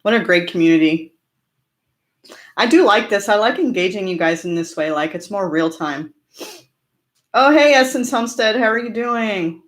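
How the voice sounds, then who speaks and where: A woman's voice: medium pitch, expressive, moderate pace, pauses often. Chatty woman host, casual live-stream Q&A, frequent ums and laughs, mid-range voice. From Orange County, California. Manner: chatty, laughs often, many fillers. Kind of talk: casual live-stream chat answering viewer comments.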